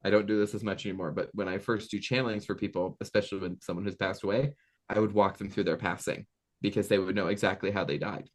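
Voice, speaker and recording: Animated man in his thirties, low voice. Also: quick pace. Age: 30s. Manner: animated, acts out voices in anecdotes. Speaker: intuitive medium and guest. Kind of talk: casual interview chat.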